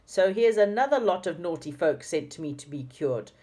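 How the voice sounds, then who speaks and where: Strict, fierce old schoolmistress from a storybook, loud and frightening; a woman reader puts her on. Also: fairly low pitch, animated, moderate pace. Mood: scolding.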